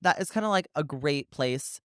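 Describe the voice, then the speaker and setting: A man's voice: fairly high pitch, animated, moderate pace, fairly bright tone, smooth, no echo, studio quality. Chatty young man podcast co-host. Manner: chatty, laughs often, lots of filler "like". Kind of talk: casual chat.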